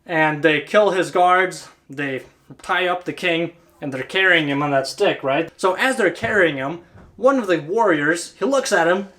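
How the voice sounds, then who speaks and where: A man's voice: fairly high pitch, a little slow, sharp tone. A man talking casually to camera as a channel host, chatty and informal, often checking in with listeners. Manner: chatty, keeps asking "right?". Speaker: HVAC technician and channel host.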